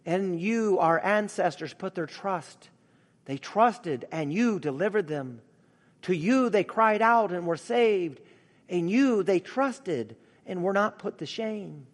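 A man's voice: high-pitched, lively intonation, takes it slowly, long reverb tail. A man preaching a sermon in an earnest, emphatic way, reading scripture and speaking of grief and love. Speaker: pastor.

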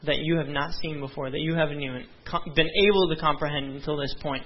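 A man's voice: fairly high pitch, steady tone, quick pace, a little hiss or hum. A young man preaching a sermon as a pastor, earnest and conversational, with frequent asides to the congregation. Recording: dull lo-fi sound.

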